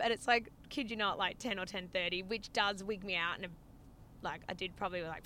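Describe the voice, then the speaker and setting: Woman, young adult, bright voice, casual sweary chat, car recording with faint road hum. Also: medium pitch, quick pace. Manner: animated, swears a lot, laughs often. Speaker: podcast co-host. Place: inside a car.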